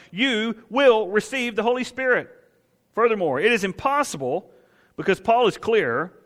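A man's voice: sits high, a bit bright. Guy preaching a sermon, keeps asking and answering himself, big echoey church sound. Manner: emphatic, asks and answers his own questions. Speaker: pastor. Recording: long hall reverb.

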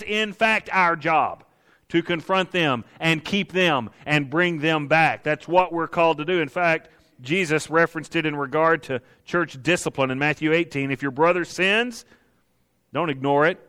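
A man's voice: a little high, pushed and bright, clear, resonant tone. A man preaching a sermon to his congregation, emphatic, in punchy repeated short lines. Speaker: pastor.

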